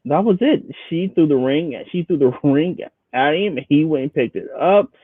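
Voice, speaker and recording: A man's voice: fairly high pitch, moderate pace, breathy edge. Man talking over a tinny phone line. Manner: animated, acts out people he talks about. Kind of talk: casual chat about a reality show.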